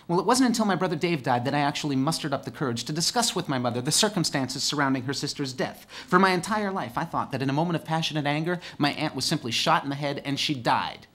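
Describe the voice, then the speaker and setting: A man from northern California performing a theatrical storytelling monologue with dark, sardonic humor, moving between hushed, somber delivery and loud, emphatic bursts. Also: on the high side, lively intonation, fast, few pauses. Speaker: solo stage performer.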